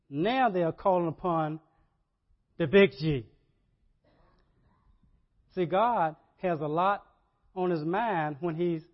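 A man preaching a sermon, animated, repeating words and rising to loud emphasis. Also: high-pitched. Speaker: pastor. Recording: dull lo-fi sermon audio.

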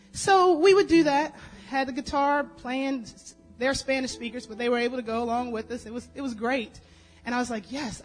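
A woman's voice: fairly high pitch, low-quality recording. A woman giving a personal testimony at a church service, telling her story casually with lots of fillers. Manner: chatty, storytelling, many fillers.

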